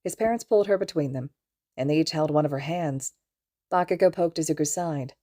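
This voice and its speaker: A woman reading a fan fiction audiobook aloud in a calm, even storytelling manner. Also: low voice, fairly quick. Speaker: podfic reader.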